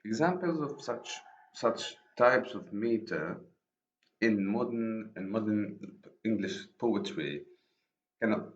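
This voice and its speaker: Man, Arabic first language, university lecturer, slow repetitive explaining, echoey room, muffled lo-fi recording. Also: on the low side, expressive. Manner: explains slowly, repeats and rephrases himself. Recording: echoey room, dull lo-fi sound.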